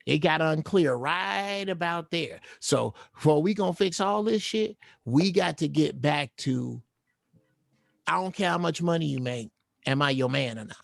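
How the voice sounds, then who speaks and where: A man on a casual podcast chat, talking slowly and rambling in a folksy way. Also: on the high side, vocal fry, no echo, studio quality.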